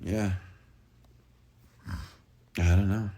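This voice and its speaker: Speaking extremely slowly in a deep, warm, steady voice, a man gives a profane, blunt motivational rant late at night. He ridicules people's excuses, imitating them in a raised voice as he quotes them.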